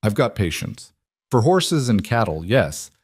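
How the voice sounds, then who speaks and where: A quiet, plainspoken rancher man, read by a narrator in his own voice. His voice sits low and the sound is dry and close. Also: sing-song, unhurried, breathy edge, dry recording, full character voice.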